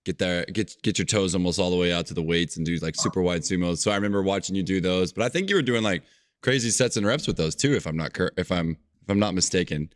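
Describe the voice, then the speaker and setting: Deep-voiced podcast host, eager questions. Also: male voice, quick pace. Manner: enthusiastic, incredulous, asks open questions. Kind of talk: casual interview chat.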